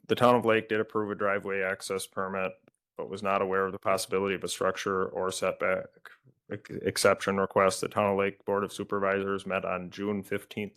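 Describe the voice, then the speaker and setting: Deep gravelly man reading letters. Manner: flat, even reading with occasional stumbles. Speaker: committee staff reading correspondence. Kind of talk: reading letters aloud at a meeting.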